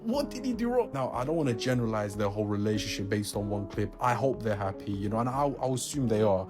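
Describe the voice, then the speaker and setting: A man's voice: on the low side, fast, over music. A man giving earnest, incredulous commentary on relationship trends. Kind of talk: opinion commentary.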